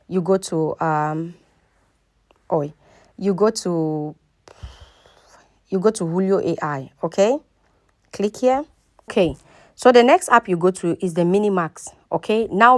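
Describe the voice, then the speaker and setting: A woman's voice: fairly low pitch, a little mellow, no echo. Woman with a plain, dry close sound. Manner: repetitive, instructive, often checks in with the viewer. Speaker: tutorial host. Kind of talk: casual screen-recording tutorial.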